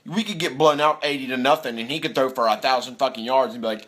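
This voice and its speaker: A young man vents as a sports fan vlogger in a bright, forceful voice. He swears freely and slips into mocking impressions of players. His delivery stays animated throughout. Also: mid-range voice, a little fast, few pauses. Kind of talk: profane sports rant.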